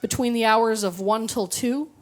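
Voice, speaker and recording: Woman, stand-up comic, sarcastic storyteller, fairly high voice, live club stage mic. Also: moderate pace. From Canada. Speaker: stand-up comedian. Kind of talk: stand-up comedy set. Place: comedy club stage before a live audience.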